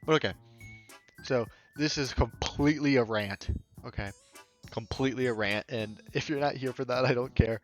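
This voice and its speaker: A man's voice: mid-range voice, moderate pace, faint music behind. Rambling young man telling a story. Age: young adult. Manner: rambling, chatty, full of asides. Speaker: vlogger. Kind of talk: casual story-time rant. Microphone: home desk microphone.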